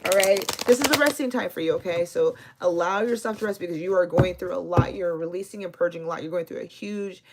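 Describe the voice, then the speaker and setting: Gravelly-voiced woman giving tarot readings. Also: on the low side, fast, hardly any pauses, heavy background noise. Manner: casual, affectionate, uses slang and cussing; reads viewer names and answers comments. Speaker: tarot reader. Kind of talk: live-stream tarot reading.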